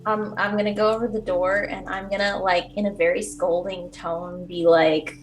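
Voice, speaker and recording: A woman's voice: fairly low pitch, little pitch movement, moderate pace, hardly any pauses, rough recording. A woman playing in a tabletop game, casual and laughing often. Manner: giggly, casual. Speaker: player. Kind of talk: tabletop role-play, casual chat. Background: faint background music.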